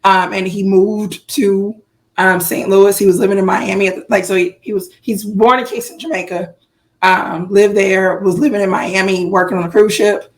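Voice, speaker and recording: Animated woman co-host, casual chat. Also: medium pitch, normal speed. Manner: animated storyteller, frequent fillers and restarts. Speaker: podcast co-host.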